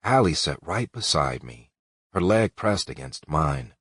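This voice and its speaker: A man narrating a romance audiobook in the first person, calm and measured. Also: a bass voice, breathy edge, dry recording, clean studio sound.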